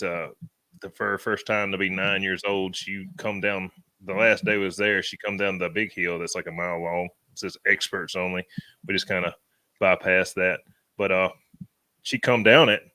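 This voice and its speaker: A man, co-hosting a podcast and telling animated stories in rural slang. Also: low-pitched, moderate pace, no room sound. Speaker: podcast co-host. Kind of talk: casual storytelling chat.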